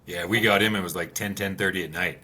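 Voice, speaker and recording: A man and former rally racer, telling stories in a relaxed way, full of fillers. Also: deep voice, fast, breathy edge. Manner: relaxed storyteller, many fillers like "you know". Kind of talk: casual conversation.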